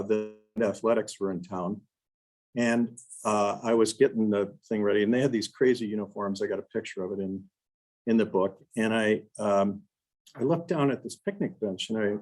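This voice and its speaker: An older man with a low, husky voice tells stories as a guest speaker. He acts out the quotes and keeps adding "you know" between his restarts. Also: darkish tone, poor audio. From Wisconsin. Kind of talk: storytelling talk to a club.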